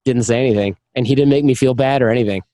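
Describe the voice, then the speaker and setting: Talking very fast in a dark, medium-pitched voice, a man guesting on a podcast candidly recounts personal stories in a casual interview, often voicing the people in them. There is no echo.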